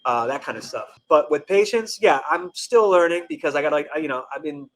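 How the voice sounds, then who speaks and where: Guy on a podcast, kinda high voice, rambly, acts out his customers. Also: animated, a little fast. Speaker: restaurant general manager, guest. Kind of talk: casual interview chat.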